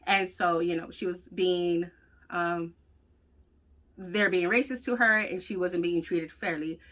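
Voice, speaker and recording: A woman vlogger telling a personal story in a blunt, profane, animated way. She has children. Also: fairly low pitch, unhurried. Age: adult with children. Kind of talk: casual storytelling vlog.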